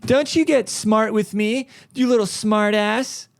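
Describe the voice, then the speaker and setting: A shrill, entitled older woman customer, frantic and scolding, her voice jumping high above a normal speaking pitch, as a man puts her on. Her delivery is indignant and demanding, with a smooth, clear tone. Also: a little slow.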